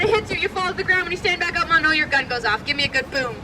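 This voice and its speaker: A woman tour guide leading an outdoor reenactment, animated and coaching the crowd. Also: extremely high pitch, quick pace. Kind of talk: lively interactive reenactment narration. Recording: distant mic with loud crowd noise.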